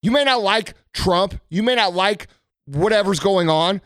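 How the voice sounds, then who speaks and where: A man's voice: high voice, unhurried, fairly bright tone, smooth, no echo, clean studio sound. A man from the United States delivering a blunt, profane motivational rant about tough leadership. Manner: blunt, aggressive, heavy swearing. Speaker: motivational speaker.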